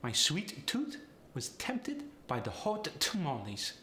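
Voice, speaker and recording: A man demonstrating an English speaker with a heavy Polish accent, each sound pushed and exaggerated. The voice is bright and forward, with wide swings in pitch. It is recorded in an echoey room. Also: huge pitch swings, slow pace, a little hiss or hum, heavily acted. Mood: demonstrative.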